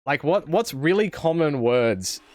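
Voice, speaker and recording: A man's voice: fairly high pitch, lively intonation, unhurried, darkish tone, slight background noise. A man with an Australian accent chatting casually on a live game stream, rambling and answering chat as he plays.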